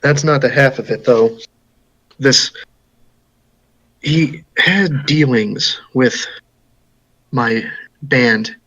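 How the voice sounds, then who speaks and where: A man telling his part of a tabletop game in character, halting and restarting often. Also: mid-range voice, fairly bright tone, dull audio. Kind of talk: in-character storytelling.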